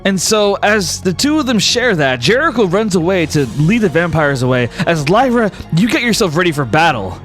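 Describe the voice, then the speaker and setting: A young man running a tabletop game as game master, narrating with lively, swooping intonation in a slightly raised voice. Faint music plays underneath. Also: high voice, normal speed, hardly any pauses. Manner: animated storytelling, chuckles.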